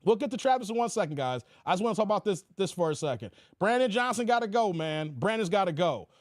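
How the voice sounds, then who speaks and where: A live-stream commentary host from the New York area talks casually and fast in a high voice, reading chat aloud. He's animated and slangy and swears freely, and the recording is dry with studio quality.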